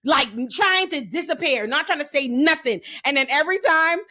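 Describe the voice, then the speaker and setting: A woman hosting a podcast, chatting casually and laughing often. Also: sits high. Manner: animated, quick to laugh. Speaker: podcast host. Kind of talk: casual chat.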